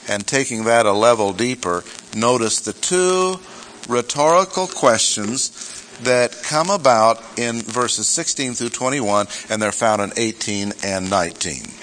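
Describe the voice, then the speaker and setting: Slow, deliberate male Bible teacher. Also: mid-range voice, a bit bright, slight background noise, low-quality recording. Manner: slow, deliberate, stressing key words; reads scripture aloud, self-correcting asides. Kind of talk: expository sermon.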